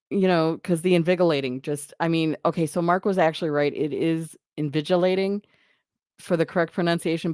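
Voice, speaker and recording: A woman's voice: lowish voice, darkish tone, dry recording, clean studio sound. A woman hosting a live stream, chatting casually and answering viewer comments in a rambling way, often breaking off and laughing.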